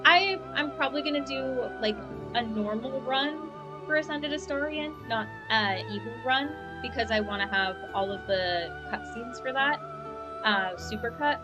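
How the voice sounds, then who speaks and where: With a fairly high voice at normal speed, a young woman rambles cheerfully in casual chat while streaming a game. Music plays over her home setup, where she's using a lavalier mic.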